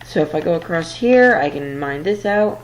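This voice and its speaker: A woman's voice: fairly low pitch, lively intonation, moderate pace, poor audio. A woman giving casual let's-play commentary while building, rambling and a little flustered, tired late at night. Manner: rambling, flustered, self-deprecating. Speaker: gameplay commentator.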